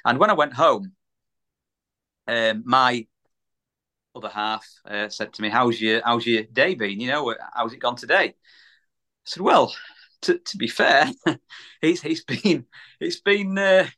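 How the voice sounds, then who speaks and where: A man's voice: medium pitch, a little slow, long pauses, pushed and bright. A man from the UK, a small business owner, telling a story in a casual podcast chat, repeating words and acting out the voices of people he quotes.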